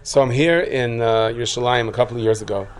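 A man preaching a sermon, his voice at an ordinary middle pitch. He spins stories and jokes, acting out the people in them and building to loud peaks. A faint noise sits under the recording. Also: fast. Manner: lively storyteller who acts out quotes, rising to loud outbursts. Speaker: rabbi giving a talk.

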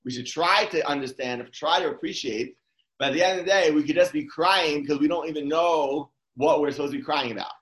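A man's voice: fairly high pitch, fairly quick, a bit bright, echoey room, rough recording. A man giving an informal Torah talk in a conversational way, often restarting his sentences. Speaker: Torah speaker.

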